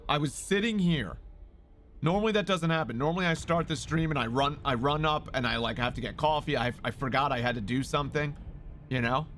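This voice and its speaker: A man live-streaming who talks loudly and excitably, swearing and greeting viewers in chat. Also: a little high, brisk, slight background noise.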